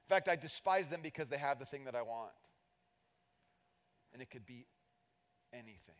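A middle-aged man preaching a sermon as pastor, animated and self-deprecating, acting out little voices to make his points. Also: medium pitch, normal speed. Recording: long hall reverb.

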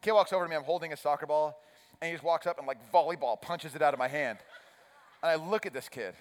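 A man's voice: fairly high pitch, quick pace. A man preaching a sermon, telling a self-mocking story and acting out his own chipper coach voice. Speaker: pastor. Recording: long reverb of a large hall.

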